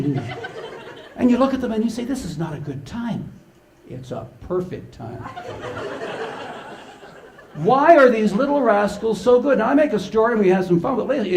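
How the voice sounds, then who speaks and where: Older man, playful storyteller, slightly high, gravelly. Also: darkish tone, a little hiss or hum. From Canada. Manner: storytelling, playful, acts out quotes. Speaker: conference speaker. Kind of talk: humorous conference presentation.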